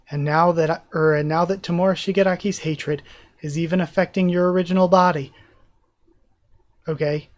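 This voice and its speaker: A man reading a comic aloud in a live reaction video, getting emotional and often stumbling and correcting himself. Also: on the high side. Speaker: YouTuber.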